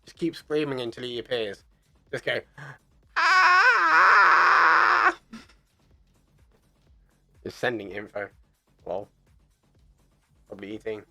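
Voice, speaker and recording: A man's voice: on the low side, moderate pace, long pauses, dry recording. Man, esports caster, casual stream chat, giggly and chatty, faint music behind. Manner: chatty, giggly, plays with silly voices.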